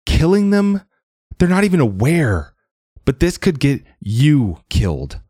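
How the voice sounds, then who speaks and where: A man voicing a frightened adult daughter who pleads with her mother, raising his voice higher for her. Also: expressive, moderate pace, a little mellow, no echo, clean studio sound. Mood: fearful. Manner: pleading, fearful.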